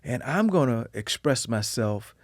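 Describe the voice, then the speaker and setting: A man talks as a guest on a podcast, spinning personal stories with lively swings between quiet asides and loud emphasis. His voice sits at an ordinary middle pitch. The sound is close and dry, with no room echo. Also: measured pace. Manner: animated storyteller, lively swings in pitch and volume. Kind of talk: candid conversational interview.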